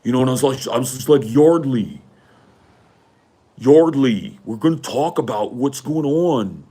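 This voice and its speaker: A man's voice: mid-range voice, animated, a little slow, warm tone, husky, voice pushed up. A man doing an impression of a privileged young male college athlete who rambles and pads every phrase with "like". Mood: whiny.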